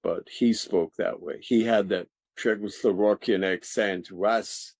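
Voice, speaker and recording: Older male actor, low voice, lively raconteur, dry sound. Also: a little slow, gravelly, dry recording. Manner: animated, laughing, restarts sentences. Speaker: actor guest. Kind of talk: interview storytelling.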